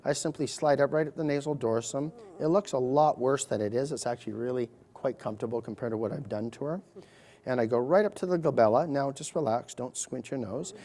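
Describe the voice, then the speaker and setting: A middle-aged man leads a live procedure demonstration, calmly naming each step as he works. He keeps it light with quick joking asides to the watching audience. His voice sits at an ordinary middle pitch. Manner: chatty, joking asides while explaining technique.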